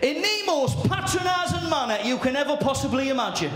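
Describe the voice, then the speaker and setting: A brash comedian working a live crowd, swearing and shouting his punchlines. His voice runs very high and lively. The sound booms around a very echoey venue. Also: fairly quick. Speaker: stand-up comedian. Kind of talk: stand-up comedy routine.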